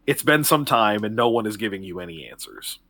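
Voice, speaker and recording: Bright-voiced male game master. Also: lowish voice, animated, brisk, no room sound. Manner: casual, filler-heavy narration. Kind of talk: narrating a tabletop game.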